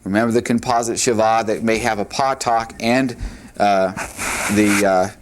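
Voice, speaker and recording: A man's voice: fairly low pitch, fairly even intonation, moderate pace. A man teaching a Hebrew grammar lesson at a board in a classroom, patiently repeating key points with frequent "all right" and "uh".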